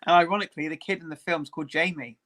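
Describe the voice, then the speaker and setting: A man chatting as a guest on a live stream, friendly and quick to laugh. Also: on the high side, fairly bright tone. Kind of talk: casual chat on a live stream.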